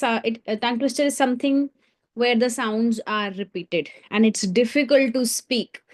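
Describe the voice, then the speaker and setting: A woman teaching a live online creative writing class for children, encouraging them and asking them lots of questions. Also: on the high side. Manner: encouraging, asks the viewers many questions.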